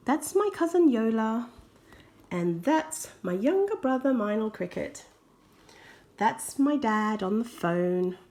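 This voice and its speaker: A woman reading a children's picture book aloud, expressive, with soft whispered asides. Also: mid-range voice. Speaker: storybook reader.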